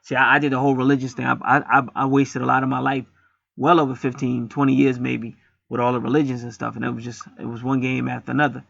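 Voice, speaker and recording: A man's voice: medium pitch, flat delivery, fast, creaky, fairly bright tone, no room sound, muffled recording. A middle-aged man acting as a spiritual reader, talking bluntly in a casual streetwise monologue and swearing freely.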